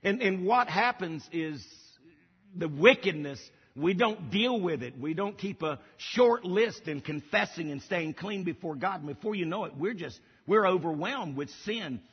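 A man's voice: high-pitched, expressive, measured pace, breathy edge. A middle-aged male pastor preaching a sermon, emphatic and repeating key phrases for weight. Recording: dull lo-fi audio with long hall reverb.

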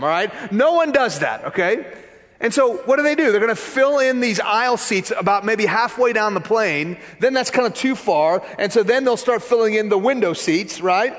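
A man preaching a sermon, telling a story in a lively, conversational way and acting out the voices of people in it. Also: very high voice, normal speed, long reverb tail. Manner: animated, conversational, acts out quoted voices. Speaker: pastor.

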